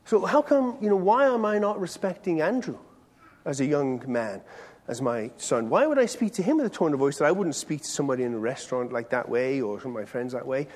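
A man's voice: a little high, expressive, fairly quick, darkish tone. A middle-aged man giving a sermon as pastor, speaking conversationally and putting questions straight to his listeners. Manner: conversational, questions the audience directly. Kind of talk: sermon to a congregation. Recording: long hall reverb.

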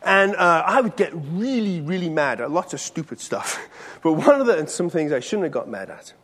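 A man's voice: fairly high pitch, big pitch swings, normal speed, a bit bright, husky. A middle-aged man giving a sermon as pastor, speaking conversationally and putting questions straight to his listeners. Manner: conversational, questions the audience directly. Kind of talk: sermon to a congregation. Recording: long hall reverb.

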